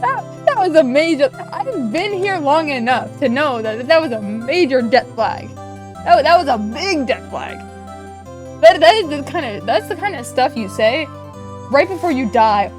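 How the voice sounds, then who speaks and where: A woman streaming a game, reacting excitably with swearing, rants and laughter. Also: high voice, normal speed, soft background music. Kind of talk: let's play commentary.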